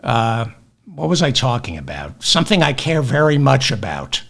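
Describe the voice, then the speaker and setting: A man's voice: mid-range voice, very animated, moderate pace, creaky, fairly bright tone. A man hosting a comedic news podcast, ranting with sarcastic, self-deprecating asides. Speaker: podcast host.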